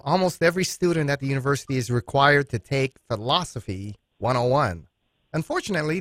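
A man hosting a radio interview with an earnest, steady delivery. His voice sits at a middle pitch. The studio sound is close and dry, with no room around it. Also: no echo. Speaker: radio show host.

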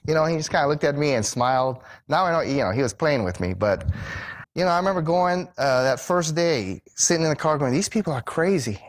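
A middle-aged man telling a personal story in a sermon, animated and acting out the voices of the people he quotes. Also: a little fast. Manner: animated storyteller who acts out quoted voices with big pitch jumps. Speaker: Bible teacher and speaker.

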